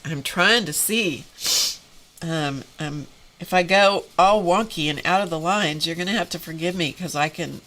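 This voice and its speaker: A woman hosting a live drawing stream, teary and congested, talking in a halting, emotional way with sighs and pauses. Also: lowish voice, fairly bright tone. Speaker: host of an art live stream.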